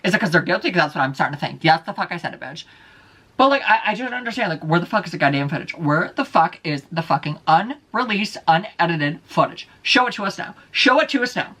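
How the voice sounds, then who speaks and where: A man's voice: on the high side, lively intonation, fast, bright, forceful tone. A man vlogging alone, ranting heatedly with heavy profanity and repeating his points. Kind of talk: casual solo vlog rant.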